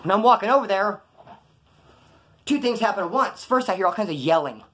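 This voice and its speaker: A man's voice: sits high, animated, a little fast, a bit bright. A man telling a story from his past in a casual, profane, slang-filled way, acting out the voices of the people in it. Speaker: storyteller talking to camera.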